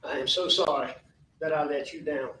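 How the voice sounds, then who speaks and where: A man speaking slowly and haltingly as a defendant in a courtroom, repeating his apologies in a formal statement. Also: fairly high pitch, bright, forceful tone. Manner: slow, halting and repetitive, apologetic. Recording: echoey distant courtroom audio.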